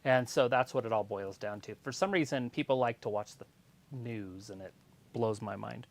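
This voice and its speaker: A man's voice: mid-range voice, moderate pace. A man co-hosting a casual wrestling watch-along live stream, explaining things in a rambling, matter-of-fact way.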